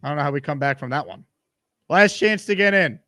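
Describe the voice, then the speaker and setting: A man's voice: a little high, lively intonation, a little fast, pushed and bright, no room sound, studio quality. A man hosting a live sports talk stream, reading viewer comments aloud in an upbeat, teasing way. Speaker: show host.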